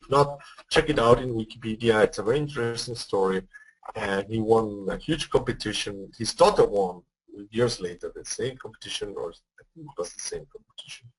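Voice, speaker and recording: A man's voice: on the low side, lively intonation, brisk, slight background noise, rough recording. A man presenting a live trading webinar, explaining step by step, often checking whether listeners follow. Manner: explanatory, asks for feedback, repeats words.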